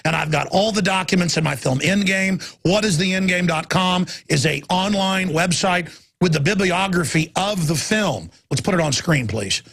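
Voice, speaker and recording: A man in his forties rants through a talk radio monologue, swinging from bursts of shouting to low, urgent tones. His voice is gravelly and husky, pitched fairly high for a man. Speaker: radio talk show host.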